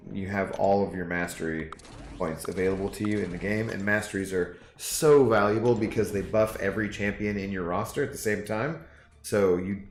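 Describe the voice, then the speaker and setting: A man with a lowish voice chats casually with his stream viewers, drifting between thoughts with plenty of ums and uhs. His voice bounces around an echoey room, and quiet music plays in the background. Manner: rambling, talks to chat with fillers. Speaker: game streamer.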